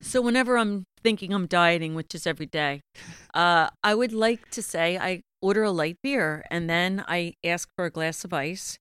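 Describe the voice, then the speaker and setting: A woman's voice: on the low side, moderate pace, fairly bright tone, clean tone, no room sound, clean studio sound. A woman with a Philadelphia accent in casual chat, self-mocking and laughing often.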